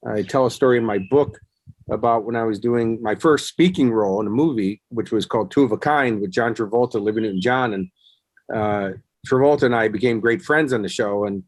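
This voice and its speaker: A man in his fifties, a guest in an interview, telling stories and acting out other people's quotes in a lively way. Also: lowish voice, brisk, dry recording. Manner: animated storyteller acting out quotes. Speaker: guest, actor and success coach. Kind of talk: casual interview storytelling.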